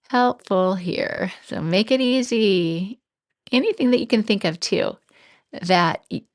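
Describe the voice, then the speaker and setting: Middle-aged female podcast host, casual and chatty, gravelly tone, dry close sound. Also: low-pitched, no room sound. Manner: chatty, laughs often, thinks out loud. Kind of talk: casual solo podcast talk.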